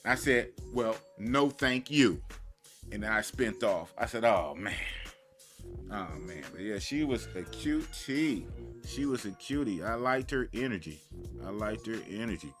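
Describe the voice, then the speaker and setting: A man's voice: fairly low pitch, expressive, unhurried, a bit bright, soft background music. A man casually chatting on his livestream, rambling and slangy, repeating himself as he tells stories. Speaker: travel vlogger.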